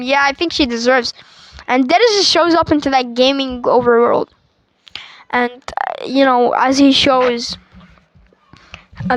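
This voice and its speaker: Woman reviewer, unhurried casual plot recap, trips over words often. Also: high-pitched, fairly bright tone, no echo, low-quality recording. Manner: stuttering, restarts, filler-heavy. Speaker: movie reviewer.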